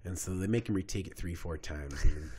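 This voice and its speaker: A young man co-hosting a podcast, telling a story among friends in a casual, animated way, acting out quotes and swearing freely. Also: low voice, brisk, slightly rough. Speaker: podcast co-host.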